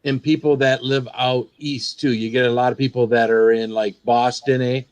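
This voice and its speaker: Relaxed man explaining in a chat. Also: medium pitch, moderate pace, clean tone, no room sound, low-quality recording. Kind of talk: casual chat. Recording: dry close sound.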